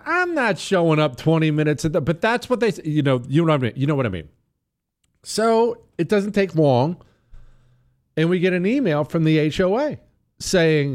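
A man's voice: on the high side, big pitch swings, normal speed, darkish tone. A middle-aged man telling a defiant, rambling story as a podcast guest in casual storytelling.

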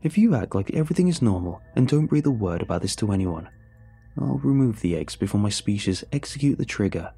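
A man voicing a calm, persuasive male leader of a sinister cult, speaking in a smooth, coaxing way. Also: on the low side, fairly quick, soft background music, heavily acted. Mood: calmly menacing.

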